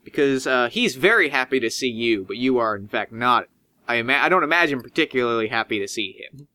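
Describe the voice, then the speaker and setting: A man's voice: medium pitch, expressive, brisk, pushed and bright, dry recording. A man narrating as game master in a tabletop role-playing game, casual and rambling with fillers.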